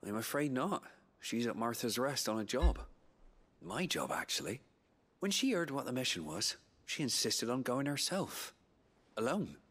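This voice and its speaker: An actor playing a courteous man who speaks in a measured, polite way. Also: medium pitch, very animated, a bit bright, slightly rough. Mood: concerned.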